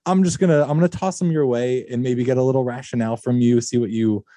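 A man hosting a podcast, chatting casually and steering an interview with a relaxed manner. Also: medium pitch, fast, dry recording. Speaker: podcast host. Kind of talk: casual chat.

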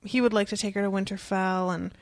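A chatty woman recapping a story in casual conversation, her voice carrying a gravelly fry. She laughs easily and acts out quoted lines, in a dry, close recording. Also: medium pitch, steady tone, fast, a little mellow, no room sound. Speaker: podcast co-host discussing a book.

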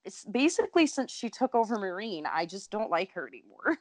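A woman co-hosting a casual TV recap chat, animated and swearing freely as she acts out scenes. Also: mid-range voice, a little fast, dry recording. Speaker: podcast co-host.

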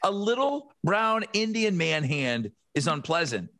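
A man's voice: on the high side, very animated, a little slow, sharp tone, dry recording. A middle-aged man co-hosting a podcast in casual chat, blunt and emphatic with crude humor. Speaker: podcast co-host.

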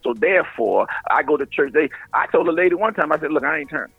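A comedian from Baltimore spins stories in a casual radio interview, his pitch sitting a touch high and leaping all over the place. The sound is dull and dry, like a close studio mic with the highs rolled off. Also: vocal fry, breathy edge, no room sound, faint music behind. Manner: animated, quick storytelling with impressions. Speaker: comedian and pastor guest.

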